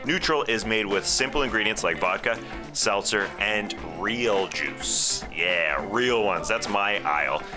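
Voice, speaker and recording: A man co-hosting a podcast, reading an ad in an upbeat, playful sales pitch. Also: lively intonation, a little slow. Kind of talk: host-read ad. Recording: music bed playing behind.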